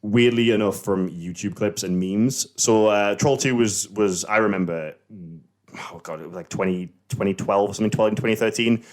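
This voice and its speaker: A man's voice: fairly low pitch, normal speed. A man in his late twenties hosting a casual podcast chat with friends, rambling and hesitant, swearing freely. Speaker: podcast host.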